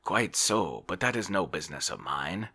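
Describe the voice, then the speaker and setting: A man voicing a brisk, jesting little doctor in a whispered role-play, matter-of-fact and decisive. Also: low voice, big pitch swings, sharp tone, full character voice.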